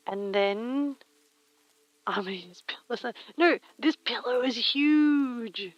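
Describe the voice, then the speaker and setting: A woman's voice: a little high, slow, no room sound, lo-fi sound. A woman livestreaming casually from home, thinking aloud in a playful, rambling way while she mends a pillow and chats. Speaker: livestream host. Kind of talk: casual chat while crafting.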